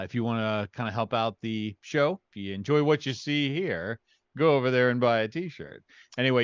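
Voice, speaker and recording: A man's voice: lowish voice, smooth, no room sound. A man co-hosting a livestream, talking in a laid-back, easygoing way. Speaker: co-host. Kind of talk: casual livestream chat. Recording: dull lo-fi stream audio.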